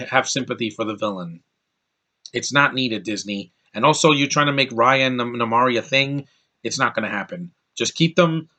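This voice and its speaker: A man with a bright, forward voice talks through a movie review in a loose, casual way. He stumbles, restarts and fills gaps with filler words as he goes. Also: medium pitch. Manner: rambling with many fillers and restarts. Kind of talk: casual spoken film review.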